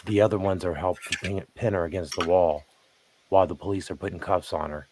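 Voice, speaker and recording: A man narrating commentary over footage in a measured, pointed way, asking rhetorical questions. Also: low-pitched, fairly even intonation, background noise.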